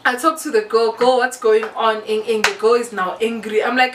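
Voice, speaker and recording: Animated South African woman telling a story. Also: on the high side, a little fast, hardly any pauses, recorded from a distance, slight background noise. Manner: animated storytelling, mixing English with local languages. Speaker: YouTuber. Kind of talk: casual story time. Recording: echoey room, a bit off-mic.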